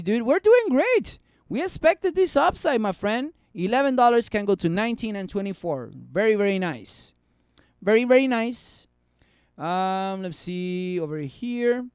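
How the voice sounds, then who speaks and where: A man hosting a casual stock market livestream, reading chat comments in an excitable, joking way and dropping Spanish words into his English. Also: extremely high pitch, clean tone, no room sound, studio quality. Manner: excitable, joking, swings between loud and muttered.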